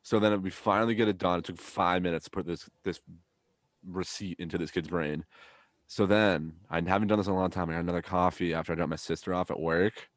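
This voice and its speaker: A young man, hosting a casual podcast with low, deep tones. He tells stories in an animated way and swears freely. His voice sounds dry and close, with little room sound. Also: brisk, dry recording. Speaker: podcast host. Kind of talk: casual chat.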